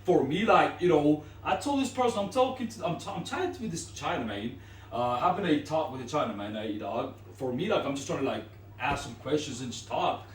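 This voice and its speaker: A man's voice: fairly high pitch, animated, brisk, slight background noise. A man of Sri Lankan Tamil family ranting to camera in a rambling, slangy way, tagging his lines with street filler. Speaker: vlogger. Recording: echoey room, far from the mic.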